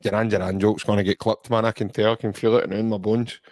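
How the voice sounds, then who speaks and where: A man's voice: lowish voice, level tone, fast talker, a little mellow, dry recording. A Scottish man hosting a casual football podcast, chatty and jokey, rambling through banter. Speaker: podcast host.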